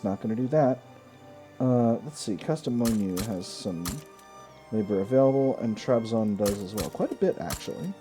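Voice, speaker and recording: Mellow-voiced man thinking aloud over gameplay. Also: medium pitch. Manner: thinks aloud, casual asides and self-corrections. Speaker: gaming video host. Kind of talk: strategy game let's play commentary.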